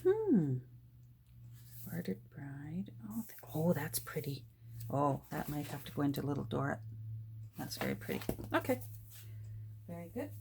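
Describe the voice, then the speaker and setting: Her voice sits low and sing-song with vocal fry as this older vlogger shows off her thrift haul at normal speed, pausing often. Delighted, she keeps slipping into soft whispers and gasps, and there's slight background noise.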